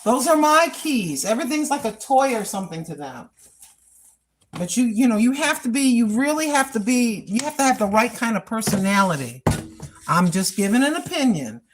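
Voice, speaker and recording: This older woman, a cooking and lifestyle vlogger, rambles chattily in a casual monologue, repeating herself and laughing at her own asides. Her voice sits a little high and is very animated, moving at a moderate pace over a faint hiss or hum.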